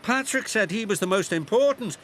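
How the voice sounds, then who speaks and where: A man's voice: sits high, animated, unhurried, sharp tone, a little hiss or hum, voice pushed up, heavily acted. A man voicing a small, eager male excavator who is touchy about his size in a storybook. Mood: anxious.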